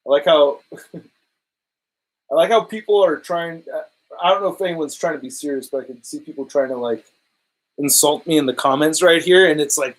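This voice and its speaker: A man in his thirties with a fairly high voice talks on a casual home livestream. He rambles excitedly and leans on slang as he sorts his shelves. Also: moderate pace, long pauses, rough recording. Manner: excitable, rambling, says dude and epic. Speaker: collectibles livestreamer. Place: home display room.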